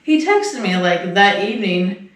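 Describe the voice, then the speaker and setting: A woman's voice: medium pitch, very animated, measured pace, recorded from a distance. A middle-aged woman chats on a podcast, telling a winding story full of acted-out quotes and laughter. She sits well back from the mic in a very echoey room. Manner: rambling storyteller, laughs often, acts out quotes. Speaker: podcast co-host. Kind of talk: casual chat.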